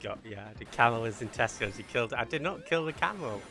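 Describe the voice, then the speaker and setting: A man's voice: medium pitch, expressive, fairly quick. A man with a Mancunian accent streaming a game live, rambling and joking with his chat in a self-mocking way. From Manchester, England. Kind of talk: casual live-stream chat while playing. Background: game music.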